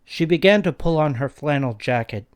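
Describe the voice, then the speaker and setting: A man's voice: fairly high pitch, lively intonation, normal speed, clean tone. A man reading a scary young-adult novel aloud as narrator. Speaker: reader. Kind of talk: audiobook narration.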